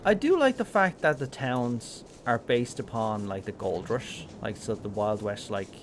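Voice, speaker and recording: A man's voice: medium pitch, lively intonation, a little slow, noisy background. An Irish man giving casual live-stream commentary on a game, rambling with lots of fillers and self-corrections. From Ireland.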